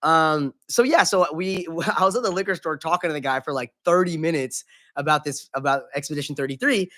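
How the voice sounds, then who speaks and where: A man's voice: fairly high pitch, fairly quick, a bit bright. Chummy male gaming streamer, upbeat. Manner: chummy, upbeat, greets chatters by name, swears casually. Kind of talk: casual live-stream chat.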